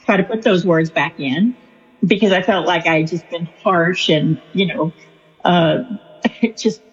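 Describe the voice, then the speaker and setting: A woman with a lowish, slightly rough voice speaks at a measured pace. She's an author and spiritual counselor answering an interview question conversationally, chatty and storytelling, with fillers and laughs. The recording is lo-fi with a long reverb.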